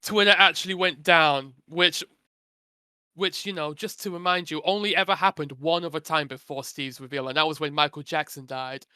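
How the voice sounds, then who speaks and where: A man co-hosting a casual podcast chat, easygoing and quick to laugh, leaning on "actually" a lot. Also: on the high side, fairly even intonation, bright, forceful tone, clear, resonant tone, dry recording, studio quality. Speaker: podcast co-host.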